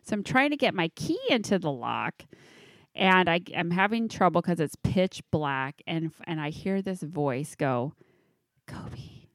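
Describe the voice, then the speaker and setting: A woman's voice: fairly low pitch, very animated, a little slow, no echo, studio quality. A middle-aged woman chatting casually, telling a story with lots of swearing and acted-out voices. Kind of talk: casual chat.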